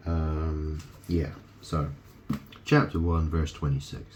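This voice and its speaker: A man's voice: rumbling low, flat delivery, slow, a little mellow, slight background noise. A man in a rambling monologue, punning on words and often asking "right?" as he talks to the camera. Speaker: video host.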